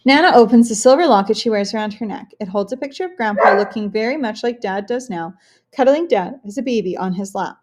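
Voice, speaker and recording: Expressive woman reading a novel aloud. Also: mid-range voice, a little fast, very noisy. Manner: expressive, occasional restarts. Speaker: audiobook reader. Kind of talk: first-person novel narration.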